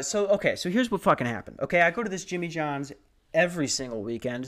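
A man's voice: mid-range voice, a bit bright. A young man doing stand-up, telling a story in a profane, sarcastic rant. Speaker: stand-up comedian.

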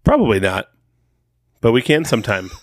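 A man's voice: medium pitch, very animated, normal speed. A man with a mid-range voice co-hosts a casual podcast and tells stories in a laid-back, joking way. The sound is dry and close to the mic, with no room echo. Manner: laid-back, storytelling with playful asides. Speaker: podcast co-host.

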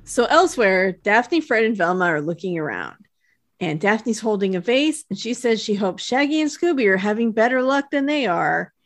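A woman co-hosting a podcast, retelling a cartoon episode in an animated storytelling way and laughing easily. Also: medium pitch, moderate pace. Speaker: podcast co-host. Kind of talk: casual chat recapping a cartoon.

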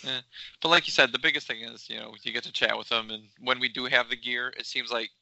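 A man co-hosting a podcast, reacting in a quick, upbeat, casual way. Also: mid-range voice, fairly even intonation, gravelly, sharp tone, dry recording, dull audio. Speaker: podcast co-host. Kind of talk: casual chat.

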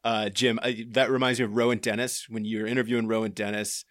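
A man's voice: fairly low pitch, flat delivery, fast talker, fairly bright tone, no echo, studio quality. A man hosting a podcast from his home office, talking in a loose, rambling way. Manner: loose and rambling, with many fillers. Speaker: podcast host. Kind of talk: casual podcast chat.

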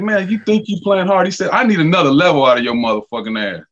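A man telling stories in a casual podcast chat, animated and profane, acting out quoted dialogue. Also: high-pitched, fast, muffled recording. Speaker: podcast guest, former college basketball player.

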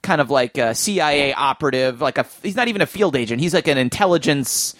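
A man's voice: a little high, animated, fast talker, fairly bright tone, dry recording, clean studio sound. A man hosting a casual film discussion, chatty and enthusiastic as he thinks aloud. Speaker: film podcast host.

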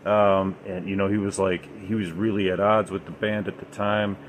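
A man with a low voice and little pitch movement hosts a podcast at normal speed, loosely recounting paranormal tales with emphasis and many fillers. There's a faint hiss or hum.

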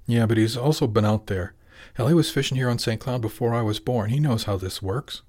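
A man's voice: medium pitch, brisk, a little mellow, natural voice. A man voicing a jolly, determined middle-aged fishing boss who talks plainly and persuasively.

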